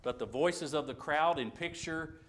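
A man's voice: fairly high pitch, unhurried, background noise. Man teaching a dramatic Bible lesson. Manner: dramatic retelling with sudden loud and hushed passages; conversational, with restarts and asides.

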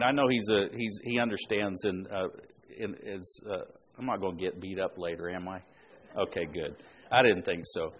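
A man's voice: mid-range voice, a bit bright, slight background noise. A man preaching a sermon to a congregation, conversational, with emphatic rises when he drives a point home.

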